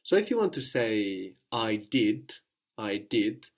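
A man teaching a spoken language lesson, patiently prompting his student and repeating each answer slowly. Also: lowish voice, big pitch swings.

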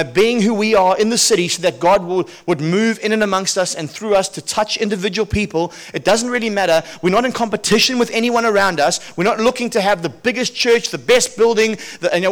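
A male pastor preaching a sermon, telling a personal testimony in a lively, chuckling way and often repeating himself. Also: high-pitched.

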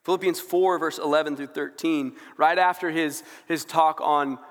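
Young man, preacher, sermon, slightly high voice, casual filler-heavy delivery, long church reverb. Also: steady tone, moderate pace. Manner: conversational, frequent "like" fillers, rising fervor.

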